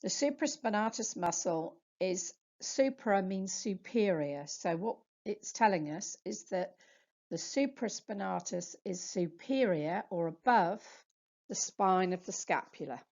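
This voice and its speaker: Slow, patient woman teaching anatomy. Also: medium pitch, expressive, gravelly, a little mellow. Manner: slow, patient, spells out muscle names. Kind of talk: slide lecture. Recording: dull lo-fi sound.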